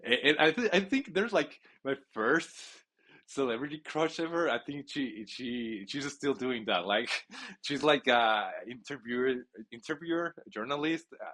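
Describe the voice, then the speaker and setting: Excitable rambling man narrating his gameplay. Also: mid-range voice, measured pace. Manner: excitable, rambling, with frequent restarts. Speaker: gamer playing a football video game.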